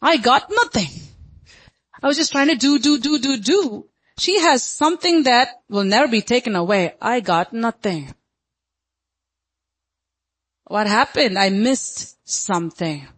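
A woman's voice: fairly high pitch, lively intonation, measured pace, pauses often, fairly bright tone, breathy edge, heavily acted. A woman preacher voicing rueful Martha. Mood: regretful. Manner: musing, self-reproaching. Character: regretful woman Martha, muttering to herself.

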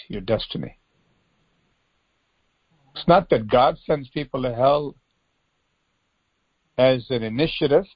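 An earnest male preacher with a gravelly, husky voice delivers a devotional sermon. He presses his listeners with pleading rhetorical questions. The recording sounds dull and lo-fi, with a dry, close sound. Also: medium pitch, no echo.

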